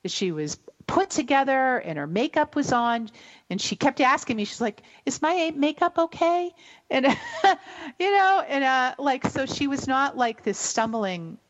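A woman's voice: high voice, big pitch swings, unhurried, lo-fi sound. Rambling middle-aged woman telling a story. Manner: rambling, emotional, many fillers and restarts. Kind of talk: casual storytelling on a radio show.

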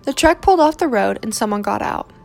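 A woman reading a romance novel aloud in steady, measured narration. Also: on the high side, gravelly, soft background music.

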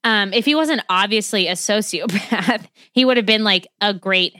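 A woman co-hosting a casual true crime podcast, telling the story with lots of swearing, laughter and quick tangents. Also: medium pitch, pushed and bright, no echo, studio quality.

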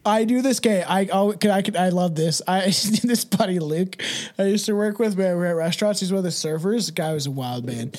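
A man in his thirties co-hosting a podcast in casual, rambling chat, laughing and swearing as he tells stories. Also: fairly quick. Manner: rambling, laughing, swearing, lively pitch swings. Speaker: podcast co-host.

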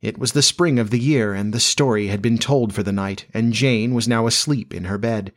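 A man narrating a classic storybook aloud in a measured, expressive reading. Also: lowish voice.

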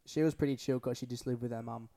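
A man's voice: medium pitch, steady tone, fast talker, vocal fry, crowd noise. A young man, a podcast co-host telling rambling, sweary stories in casual chat.

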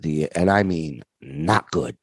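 Deep-voiced man telling rambling stories. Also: takes it slowly, creaky, slightly rough, no room sound. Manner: rambling, animated, many fillers. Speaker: comedian guest. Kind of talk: casual storytelling.

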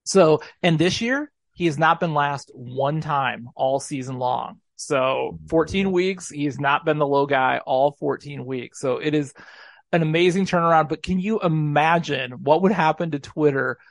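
Male podcast host, gravelly voice, dry close sound, talks in rambling bursts. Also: on the high side, measured pace, no echo. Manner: rambling, excitable. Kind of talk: casual sports podcast chat.

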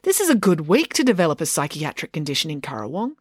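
A woman voicing a cheerful, chatty woman who speaks brightly and frankly. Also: low voice, very animated, fast talker, slightly rough, no room sound, clean studio sound, heavily acted. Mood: breezy. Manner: bright, breezy.

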